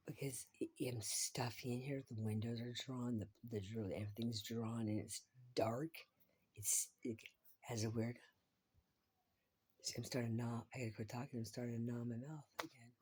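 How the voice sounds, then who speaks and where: A woman's voice: a bass voice, steady tone, unhurried, pauses often, darkish tone, a little hiss or hum. A woman vlogging in a rambling, profane monologue, often dropping to a whisper.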